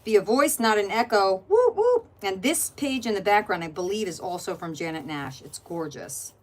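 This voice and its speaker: A woman's voice: medium pitch, moderate pace. Middle-aged woman flipping thru her art journal, chatty, says hi to viewers by name. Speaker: art journaling channel host. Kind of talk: casual chat while flipping through a journal.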